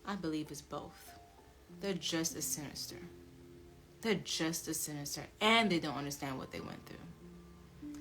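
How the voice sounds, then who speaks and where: A woman with a slightly low voice tells a personal story in a loose, emphatic rant, repeating her points and cursing freely. She slips into acting out both sides of the conversations. Music plays clearly underneath her voice throughout. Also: measured pace, pauses often, fairly bright tone. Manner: emphatic and repetitive, swears freely. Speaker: show host telling a personal story.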